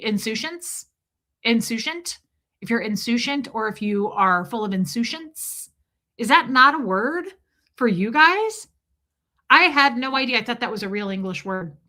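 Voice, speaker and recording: A middle-aged woman from the United States hosting a casual livestream, telling stories animatedly and greeting viewers from chat. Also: fairly high pitch. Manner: chatty, animated storytelling, reads chat comments aloud. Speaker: livestream host.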